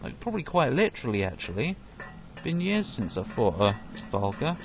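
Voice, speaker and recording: A man's voice: mid-range voice, very animated, normal speed. A young man doing let's play commentary, sarcastic, talking to enemies and swearing and yelping when hit. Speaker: gaming commentator. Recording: noisy game background.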